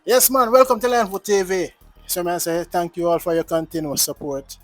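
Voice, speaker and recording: A man's voice: high-pitched, animated, moderate pace, dry recording, soft background music. Jamaican man vlogging in patois. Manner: patois-laced, repetitive, earnest preaching tone. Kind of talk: casual vlog monologue.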